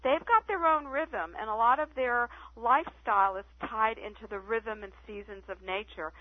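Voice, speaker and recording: Chatty woman calling in, kinda high voice, tinny dry phone sound. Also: normal speed, no room sound. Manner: chatty, animated storyteller. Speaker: guest. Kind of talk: phone-in radio interview. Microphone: telephone.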